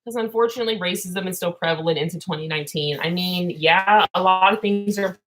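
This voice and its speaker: A woman's voice: lowish voice, fairly quick. A woman vlogging in a clown persona, drifting earnestly from topic to topic and then turning silly. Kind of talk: rambling casual vlog.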